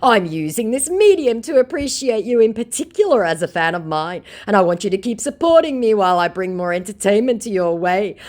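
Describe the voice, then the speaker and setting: A woman putting on an arrogant male scammer, his broken English read out in a high, lilting, slowed voice that swings wildly in pitch. He sounds pushy and indignant. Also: very animated, darkish tone, lightly acted. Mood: gushing. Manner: indignant, demanding.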